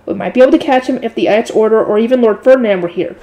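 A woman's voice: rapid-fire, dark tone, lightly acted. A woman reading aloud and voicing a tense young male knight who warns of danger. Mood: urgent. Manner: urgent, low-voiced.

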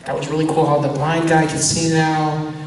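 Priest teaching a parish crowd, kinda high voice, far off mic in a big echoey church. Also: male voice, moderate pace. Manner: animated storyteller acting out voices of disciples.

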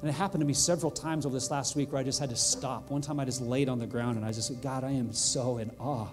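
A male pastor preaching a sermon in a church, earnest and heartfelt, building to excited emphasis. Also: mid-range voice, very fast, music in the background. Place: church sanctuary.

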